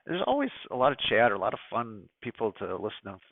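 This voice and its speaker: A man's voice: fairly low pitch, huge pitch swings, fast, creaky, no echo. Chatty middle-aged man on a tinny line. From United States. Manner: chatty, opinionated, many fillers and asides. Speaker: ham radio club presenter. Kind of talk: casual presentation talk. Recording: dry, phone-like narrow sound.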